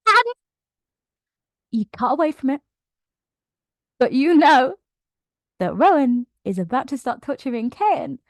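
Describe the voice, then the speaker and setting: Woman book vlogger, bright higher voice, dry room, animated fan recap. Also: dry recording. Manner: emotional, gushing and animated retelling. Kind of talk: casual plot recap.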